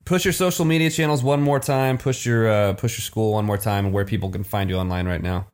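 A man co-hosting a podcast, speaking in a laid-back, low-key way. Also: brisk, darkish tone, clean tone. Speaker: podcast co-host. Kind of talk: casual podcast chat.

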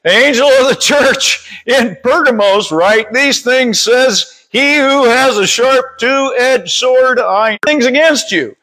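A man leading a Bible study, reading scripture aloud slowly and stumbling over words, then stopping to teach. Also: extremely high pitch, pushed and bright, poor audio. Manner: reads slowly with frequent stumbles and self-corrections. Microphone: streaming over Wi-Fi.

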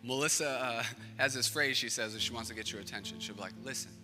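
A male pastor preaching a sermon, swinging from loud, rising passages to hushed near-whispers. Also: mid-range voice, fast talker. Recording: reverberant hall with music behind.

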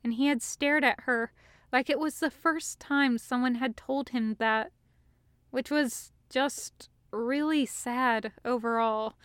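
A woman narrating a fan-fiction story as an audiobook reading, in a steady, even storytelling manner. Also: high-pitched, takes it slowly, clear, resonant tone, no echo, clean studio sound.

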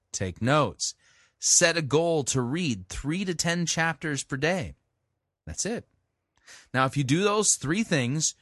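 A man's voice: fairly bright tone, no echo, clean studio sound. A man hosting a podcast, delivering a sarcastic monologue styled like an infomercial, emphatic and list-driven. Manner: mock sales-pitch delivery, emphatic lists. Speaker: podcast host.

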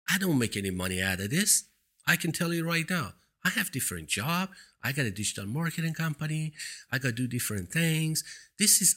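Husky-voiced man with a foreign accent. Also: mid-range voice, bright, forceful tone. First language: not English. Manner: earnest, emphatic, repeats points for stress. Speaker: talk show host. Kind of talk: motivational monologue. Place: seated indoors. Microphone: studio microphone.

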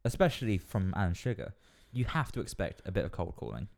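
A man's voice: deep voice, sing-song, quick pace, vocal fry, a little mellow. A young man co-hosting a comedy podcast, rambling through absurd ideas and playful tangents. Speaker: podcast co-host. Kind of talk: casual comedic chat.

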